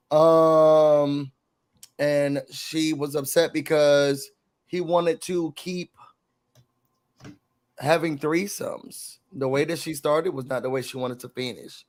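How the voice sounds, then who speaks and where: A man co-hosting a casual TV recap show, animated, acting out quotes in a raised voice. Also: on the high side, a little slow.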